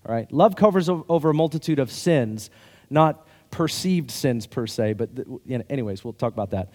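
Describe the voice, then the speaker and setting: A man's voice: medium pitch, animated, brisk, a little mellow, big-room sound. A male pastor giving a sermon in a conversational, self-deprecating way, with light laughs between points.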